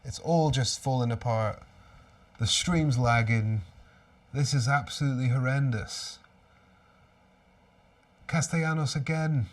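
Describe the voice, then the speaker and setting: A man's voice: medium pitch, unhurried, pauses often, recorded from a distance. Exasperated male fan commentating live. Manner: exasperated, swings from shouting to resigned muttering. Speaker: host of a fan watchalong stream.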